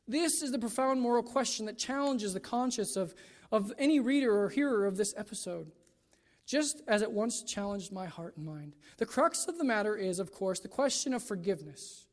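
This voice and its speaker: A man's voice: very high-pitched, lively intonation, moderate pace, big-room sound. Guy giving a chapel sermon, earnest storyteller, restarts his sentences a lot. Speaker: student chapel speaker.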